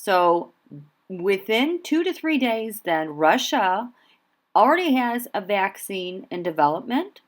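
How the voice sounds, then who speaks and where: A woman giving a solo tarot reading in a deliberate, measured way. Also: medium pitch, very animated. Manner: slow, deliberate delivery broken by fits of giggling. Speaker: tarot reader.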